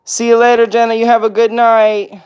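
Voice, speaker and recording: A man's voice: extremely high pitch, monotone, brisk, darkish tone, smooth. A man hosting a casual livestream with viewers, answering comments one by one and cooing baby talk at his pets. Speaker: pet vlog host.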